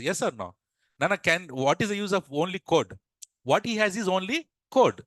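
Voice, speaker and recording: Brief: male teacher, bright and fairly high, dry close sound, quizzes the class. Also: very animated, normal speed, no room sound, poor audio. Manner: repeats questions to the class, asks "yes or no". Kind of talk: classroom lesson told as a story.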